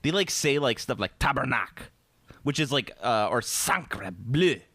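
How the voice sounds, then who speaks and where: A man hosts a podcast in loose, rambling chat and tells his stories with crude jokes. His voice sits at a middling pitch. The sound is dry and close on a podcast mic. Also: expressive, measured pace, bright, forceful tone, slightly rough, no room sound. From American Midwest. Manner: rambling storyteller, crude, jokey. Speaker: podcast host. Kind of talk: casual chat.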